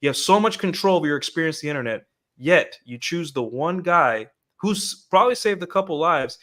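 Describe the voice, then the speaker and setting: A man's voice: fairly high pitch, lively intonation, brisk, fairly bright tone. A man co-hosting a podcast, talking in a loose, rambling way with many restarts. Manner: rambling, full of restarts and fillers. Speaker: podcast co-host. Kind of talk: casual podcast discussion.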